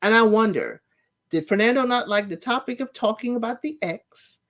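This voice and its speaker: A woman's voice: a little high, normal speed, a bit bright. A woman hosting her own channel, chatting casually as she recaps reality show episodes and retells the scenes in her own words.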